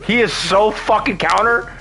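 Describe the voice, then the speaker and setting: A young man giving excitable live commentary while playing a fighting game, swearing and yelling often. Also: high voice, moderate pace, gravelly, faint music behind. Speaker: gaming streamer.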